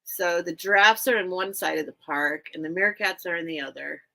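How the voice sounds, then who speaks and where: A woman's voice: fairly low pitch, fairly quick, gravelly, pushed and bright. A woman hosting a live online vintage sale from home, rambling and chatting straight to her viewers. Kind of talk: casual live-stream chat.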